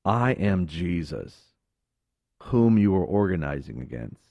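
A deep, slow voice of God, grave and commanding, as a preacher puts it on. The words are drawn out with heavy weight. The recording is close and dry. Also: male voice, sing-song, a little mellow, dry recording, full character voice. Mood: solemn.

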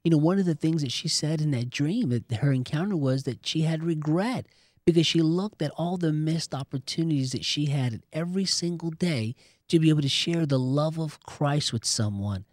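A man preaches and leads prayer with fervent insistence. His voice sits slightly high, and it is recorded dry and close with no room sound. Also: moderate pace, a little mellow, no echo. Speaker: host.

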